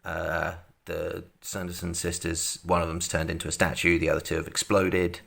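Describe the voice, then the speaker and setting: A man's voice: deep voice, flat delivery, normal speed, vocal fry, fairly bright tone. A man co-hosting a livestream, coaxing and pleading in a mock-exasperated way. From Britain. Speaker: livestream co-host. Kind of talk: casual comic chat.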